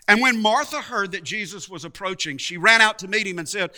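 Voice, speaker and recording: A man preaching a sermon, slow and emphatic, with dramatic pauses and repeated words. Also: sits high, expressive, bright, forceful tone.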